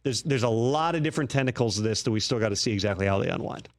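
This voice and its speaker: A man guest-hosting a sports talk show lays out trade rumors in a steady, analytical way. His voice sits at a plain middle pitch. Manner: measured, analytical. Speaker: guest host.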